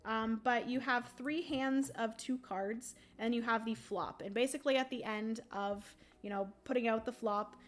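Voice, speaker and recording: With a fairly high pitch and a throaty morning voice she keeps having to clear, a woman explains rules casually while hosting a board game livestream. She's chatty and full of ums, reasoning things out aloud.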